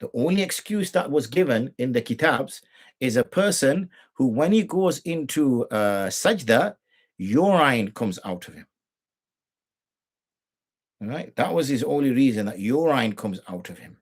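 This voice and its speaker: An expressive, slightly rough mid-range voice belongs to a middle-aged Islamic jurist speaking a little slowly. During a live show on prayer rules, he poses rhetorical questions and acts out the people he's correcting.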